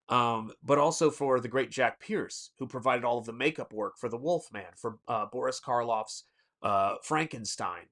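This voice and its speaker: A man's voice: mid-range voice, fairly bright tone. Rambling Southern man hosting a livestream. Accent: Southern American. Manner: rambling, reads chat aloud, many fillers and restarts. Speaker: artist and livestream host. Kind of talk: casual livestream chat while painting.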